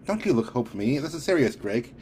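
A man's voice: sing-song, fairly quick, darkish tone, slight background noise, close to an everyday voice. A man voicing a determined young superheroine in an audiobook reading, talking firmly and scolding with a raised voice. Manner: firm, scolding, raised pitch.

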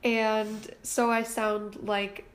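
A woman's voice: medium pitch, level tone, extremely slow. A woman co-hosting a casual podcast, her voice nasal and congested from allergies, laughing often and swearing casually. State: stuffy from allergies. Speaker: podcast co-host. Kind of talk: casual chat. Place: home room with her sisters.

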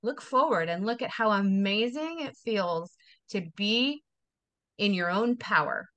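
A woman's voice: mid-range voice, expressive, a little slow, a bit bright. Emphatic motivational woman in her forties. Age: 40s. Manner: emphatic, motivational, repeats phrases for effect. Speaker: wellness coach, guest. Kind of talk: casual podcast interview.

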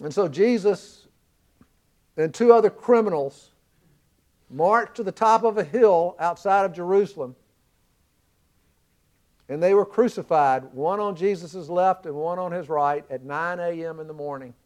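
A man's voice: sits high, a little slow, long pauses, a little mellow. A man from the American South preaching a sermon, retelling a story with earnest emphasis.

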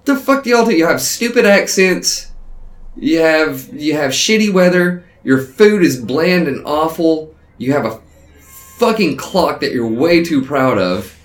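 A man's voice: fairly high pitch, expressive, a little slow. A man, talking crude, mocking banter with a friend. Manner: loud, crude, mocking, laughs often. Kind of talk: casual profane banter. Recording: roomy echo.

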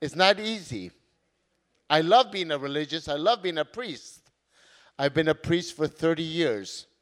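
A middle-aged man, a priest, giving an earnest conference sermon, slow overall with sudden loud emphatic words. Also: fairly high pitch, expressive. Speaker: priest and community founder.

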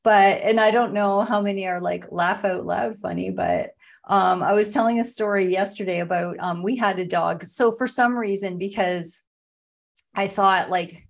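A middle-aged woman with a mid-range voice speaks at normal speed as a podcast guest. The author tells funny family stories in a casual chat, animated and laughing as she goes.

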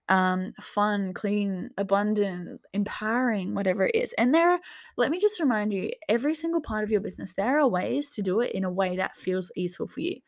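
A young woman hosting a coaching talk, gently guiding listeners through reflective questions. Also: mid-range voice, creaky. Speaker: business coach and podcast host.

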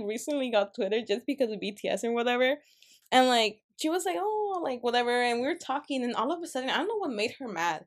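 A woman's voice: on the high side, sing-song, fast. A young woman co-hosting a casual podcast, telling stories in a chatty way full of fillers, gasps and laughs. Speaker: podcast co-host. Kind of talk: casual chat.

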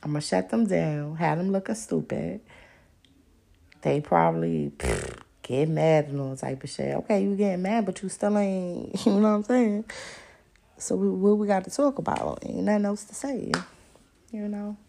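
A woman's voice: on the low side, normal speed, gravelly. A woman hosting a podcast, talking bluntly and with profanity in a casual monologue, often laughing as she tells stories. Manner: animated storyteller. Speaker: podcast host.

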